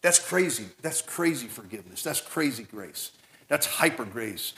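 Excitable man preaching a sermon. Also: normal speed. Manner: animated, rising to near shouting at high points; repeats and restarts words. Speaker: pastor.

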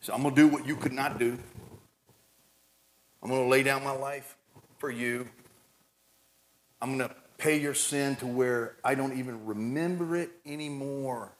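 A man preaching a sermon, animated and climbing toward near shouting at high points, with many repeated and restarted words. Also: normal speed, long pauses. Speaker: pastor.

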